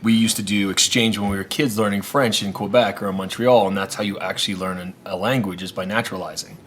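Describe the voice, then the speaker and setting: A man's voice: on the low side, fairly even intonation, quick pace, fairly bright tone, a little hiss or hum. A man from eastern Canada, a guest in a casual interview, with an accent that shifts between places, talking loosely and laughing often. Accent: mixed, shifts between places. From Canada (Maritimes, Nova Scotia).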